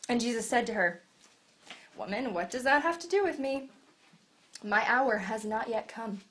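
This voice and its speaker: A woman delivers a sermon with a slightly high voice. She tells Bible stories in a lively way and acts out the scenes as she goes. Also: moderate pace. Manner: animated storytelling, acting out Bible scenes. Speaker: preacher.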